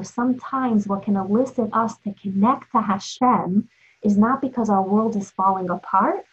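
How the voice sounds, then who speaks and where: A woman's voice: mid-range voice, a little mellow, slightly rough. A woman giving an inspirational Torah talk, telling stories and asking rhetorical questions. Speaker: Torah teacher. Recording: dull lo-fi recording.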